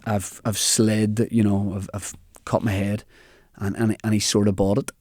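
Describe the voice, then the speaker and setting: Speaking at a normal speed in a fairly low voice with no echo, a young comedian with a Northern Irish accent appears as a guest. He relays a funny anecdote in casual conversation, lively and full of quoted lines.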